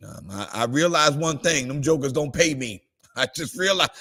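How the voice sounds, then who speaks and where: Pastor guy doing a morning devotional, kinda high voice, gets fired up. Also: moderate pace. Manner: preachy, shifts between calm reading and excited high exclamations.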